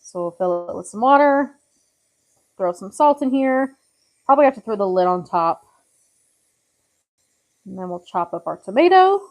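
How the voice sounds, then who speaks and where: A woman's voice: mid-range voice, very animated, moderate pace, long pauses. A woman vlogging casually from her home kitchen, out of breath and frazzled, chatting to herself as she gathers things. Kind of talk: casual cooking vlog chat.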